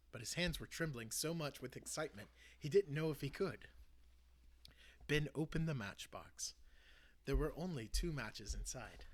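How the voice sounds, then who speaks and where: A man hosting his channel, reading a children's book aloud with an expressive delivery. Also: mid-range voice. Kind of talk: storybook read-aloud.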